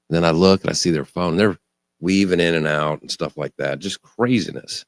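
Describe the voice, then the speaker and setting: A man's voice: rumbling low, a little fast, dry recording, studio quality. A man co-hosting a casual podcast, telling a story in a wry, conversational way and swearing casually.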